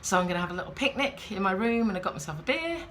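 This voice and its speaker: A woman's voice: medium pitch, sing-song, racing, a bit bright, a little hiss or hum. A woman chatting in a rambling, wry way, vlogging from a hotel room. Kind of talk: casual vlog chat.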